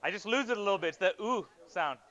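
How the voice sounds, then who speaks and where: A lively math lesson is led by a male teacher whose voice is bright and fairly high. He talks fast, quizzing his students and playfully joking with them between steps. The audio sounds dull and lo-fi.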